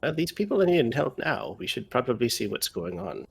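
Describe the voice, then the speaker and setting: Husky man playing a tabletop game. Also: mid-range voice, moderate pace. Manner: lively, hesitant with fillers. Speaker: player.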